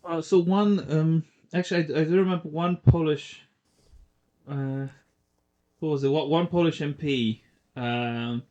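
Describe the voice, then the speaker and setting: A man's voice: a little high, steady tone, measured pace, darkish tone, highs cut off, a little hiss or hum. A man co-hosting a casual podcast chat, rambling with fillers and restarts. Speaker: podcast co-host.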